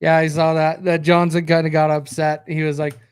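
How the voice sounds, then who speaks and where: A man's voice: a little high, level tone, a little fast, clear, resonant tone. An American man hosting a casual podcast stream, tired and rambling as he reacts to news and viewer comments. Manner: rambling, reacts aloud to results and chat. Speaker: podcast host.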